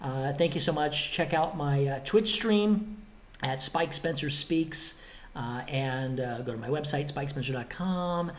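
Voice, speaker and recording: A man's voice: fairly high pitch, a little slow. A man hosting his own motivational podcast, talking emphatically and bluntly, with a little cheek, and acting out both sides of imagined exchanges. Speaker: podcast host.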